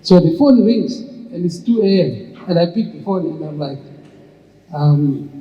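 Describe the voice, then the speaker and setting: A man's voice: a little high, normal speed. An older man telling long stories to an audience, with many restarts. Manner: anecdotal, with frequent restarts. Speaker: entrepreneur and speaker. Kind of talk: storytelling talk. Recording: muffled, echoey hall.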